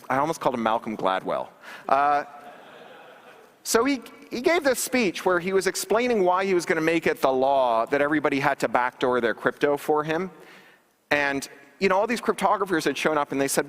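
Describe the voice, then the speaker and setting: Brief: male keynote speaker, higher voice, wry and emphatic, booming hall reverb. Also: very animated, normal speed, fairly bright tone. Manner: wry, emphatic, sarcastic asides. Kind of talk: public lecture. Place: large conference hall stage. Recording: reverberant hall livestream capture.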